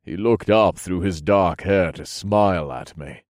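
A man narrating a first-person fantasy audiobook in a measured, steady storytelling manner. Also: sits low, no echo, clean studio sound.

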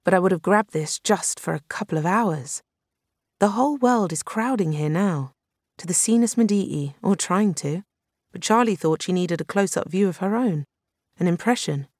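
A woman's voice: lowish voice, animated, normal speed, darkish tone, no echo, studio quality. A reader voicing a nervous woman astronomer who gabbles when she is out of her depth. She talks in eager, breathless, self-deprecating bursts. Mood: gabbling. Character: nervous, chatty woman astronomer visiting the moon.

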